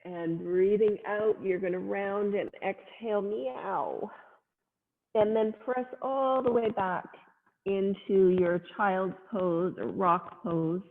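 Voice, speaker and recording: A woman's voice: medium pitch, steady tone, slow pace. Yoga teacher woman, tinny echoey sound. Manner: gentle, playful cueing with animal sounds. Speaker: yoga instructor. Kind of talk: guided family yoga class. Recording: phone-like sound in a long-echo room.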